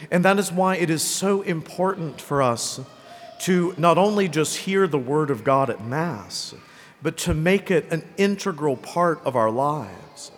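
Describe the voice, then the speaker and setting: Conversational priest in echoing church. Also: male voice, on the high side. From Greenville, South Carolina. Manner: conversational, often tags lines with "right?" and "okay?". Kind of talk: sermon. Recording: long church reverb.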